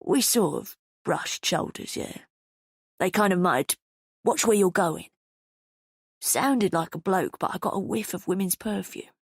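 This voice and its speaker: A woman voicing a wary young homeless man from East London, speaking low and raspy with an East End accent. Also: animated, unhurried, no room sound, studio quality, heavily acted. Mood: guarded. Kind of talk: audiobook character voice.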